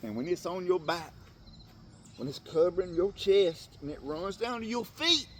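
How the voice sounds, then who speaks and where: A man giving an impassioned, tearful Christian motivational talk to other men, swinging from hushed tones to loud bursts. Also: high voice, lively intonation, moderate pace, slight background noise. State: tearful at times. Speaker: faith speaker addressing men.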